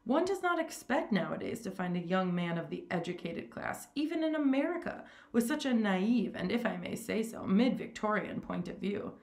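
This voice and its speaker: A woman reading a story aloud, voicing a suave, cruel older male aristocrat with a smooth, amused, condescending manner. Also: medium pitch, very animated, normal speed, hardly any pauses, darkish tone, echoey room.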